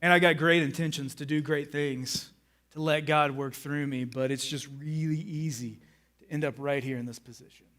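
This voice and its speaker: Animated middle-aged pastor preaching. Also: male voice, a little high, moderate pace. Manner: animated, acts out his own excited and lazy moods. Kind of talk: sermon. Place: church stage before a congregation.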